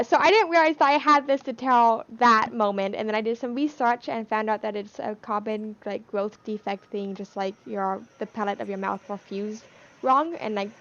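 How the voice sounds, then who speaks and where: A woman's voice: fairly high pitch, a bit bright, lo-fi sound. A young woman with a speech impediment on her O sounds, rambling casually on a livestream and laughing between points. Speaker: livestream cast member. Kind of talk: casual chat.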